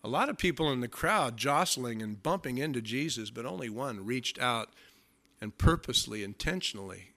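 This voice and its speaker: Male pastor, sermon; bright, cutting voice, casual storytelling, drops to near-hush for effect. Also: animated, moderate pace. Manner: conversational, folksy storytelling; swings from loud emphasis to hushed, low delivery.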